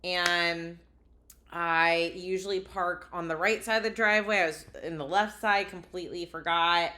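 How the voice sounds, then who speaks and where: A woman's voice: on the low side, steady tone, moderate pace, bright, forceful tone. A woman co-hosting a casual podcast chat, animatedly telling a story and laughing at herself. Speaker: podcast co-host.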